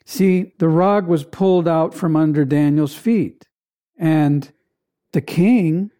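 A preacher delivering a sermon in an emphatic way, with dramatic pauses and repeated phrases. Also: mid-range voice, mellow.

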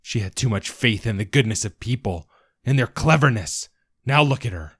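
A man's voice: sits low, steady tone, normal speed, breathy edge, no echo, studio quality. Man doing a furious zealous old father. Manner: shouting, commanding.

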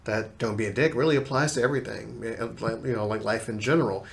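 A man's voice: mid-range voice, fairly even intonation, fast talker, gravelly, a little hiss or hum. A man co-hosting a podcast in a laid-back, easygoing casual chat. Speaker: podcast co-host.

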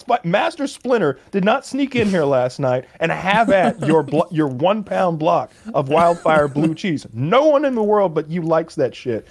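A man's voice: on the high side, very animated, measured pace, few pauses. A man co-hosting a podcast, telling loose stories full of fillers and swearing. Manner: loose, profane, rambling with many fillers. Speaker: podcast co-host. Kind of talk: casual chat, storytelling.

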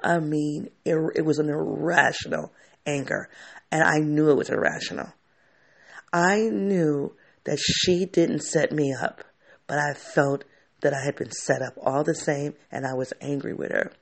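A man's voice: on the high side, measured pace, vocal fry. A man telling a candid personal story to camera, reflective and often restarting his sentences.

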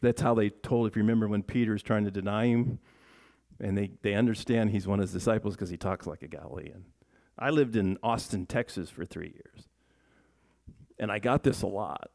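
A man's voice: fairly low pitch, normal speed, creaky, darkish tone. Chatty male pastor asking questions. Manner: chatty, asks the congregation questions, frequent restarts. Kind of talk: conversational sermon.

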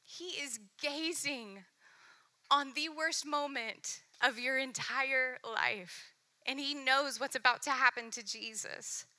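A woman preaching a sermon, earnest and intimate, softening to near-whispers while reading scripture aloud. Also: high voice, slow pace.

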